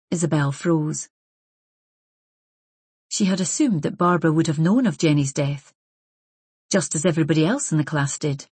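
Brief: female audiobook narrator, steady delivery, breathy timbre, dry booth sound. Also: deep voice, no room sound. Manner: measured, even storytelling. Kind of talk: scripted narration.

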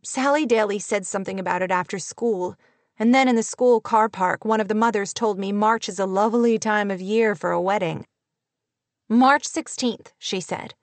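A woman's voice: mid-range voice, moderate pace, no room sound, lightly acted. A woman voicing a young schoolteacher near tears, sobbing and raising her voice, in an audiobook reading. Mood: hurt, resolute. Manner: tearful, sobbing, raised voice.

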